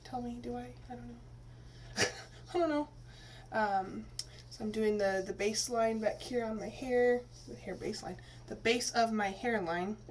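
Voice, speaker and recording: This Texas teacher and vlogger has a fairly high, somewhat mellow voice and speaks at a moderate pace. She rambles casually through a hair-dye tutorial, chatty and full of fillers and restarts. Some faint room noise is audible, and the mic is slightly distant.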